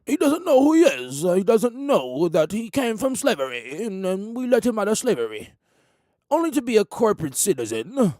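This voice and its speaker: A man putting on the voice of a condescending rich white man who speaks in a slow, haughty drawl. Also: high-pitched, very animated, dark tone, no echo, voice pushed up. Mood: scornful. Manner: slow, drawn-out, haughty delivery.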